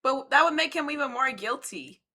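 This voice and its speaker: A woman's voice: high-pitched, expressive, moderate pace, bright, forceful tone. A young woman giving casual, slangy reaction commentary as she talks back to a clip. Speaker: reaction video host.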